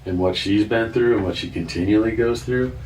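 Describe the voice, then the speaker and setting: A man's voice: on the low side, a little fast, darkish tone. A man in his fifties, a podcast guest telling a heartfelt personal story, talking earnestly and often restarting his sentences. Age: 50s. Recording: roomy, distant mic with faint noise.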